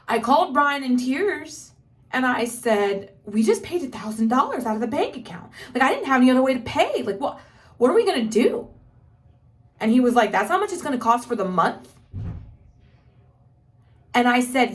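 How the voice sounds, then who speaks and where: Earnest higher-voiced mom, a bit off-mic. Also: female voice, big pitch swings, normal speed. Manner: earnest, candid storytelling with many "like" fillers. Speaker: mother sharing her family's story. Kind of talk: casual personal vlog. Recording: voice somewhat distant from the mic.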